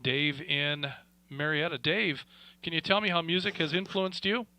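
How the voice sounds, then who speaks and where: A man hosting an amateur radio net with a bright, forward voice. He talks in a relaxed, folksy way, full of fillers. The tone stays friendly and conversational. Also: on the high side, moderate pace, no room sound, poor audio. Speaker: radio net control host. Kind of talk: casual radio net chat.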